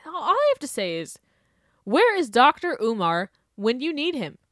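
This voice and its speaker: A woman's voice: high voice, huge pitch swings, normal speed, a bit bright, dry recording, clean studio sound. A young woman hosting her own show, ranting casually and sarcastically, laughing often and breaking into exaggerated outbursts. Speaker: podcast host. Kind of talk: casual opinion rant.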